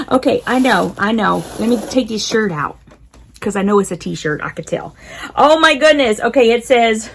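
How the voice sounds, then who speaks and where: A woman's voice: fairly high pitch, lively intonation, a little slow, husky. A woman chatting casually while unboxing, giggling often and talking to her cat. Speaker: unboxing vlogger.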